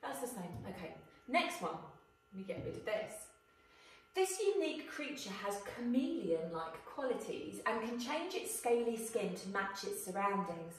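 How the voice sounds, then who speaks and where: A woman teacher explaining a writing task to her pupils in a clear, questioning way, recorded for a video lesson. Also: medium pitch, sing-song, moderate pace, recorded from a distance. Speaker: primary school teacher. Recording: echoey room, voice off-mic.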